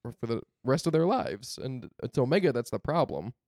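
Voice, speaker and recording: A man's voice: medium pitch, big pitch swings, brisk, darkish tone, dry recording, studio quality. A man co-hosting a casual fan podcast, eager and jokey as he explains his points. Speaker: podcast co-host.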